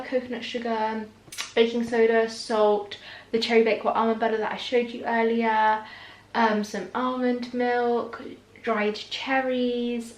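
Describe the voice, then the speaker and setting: A woman's voice: fairly high pitch, roomy sound. A young British woman chatting casually in a food vlog at home, bubbly and full of "like". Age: young adult. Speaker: vlogger. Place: home kitchen and garden.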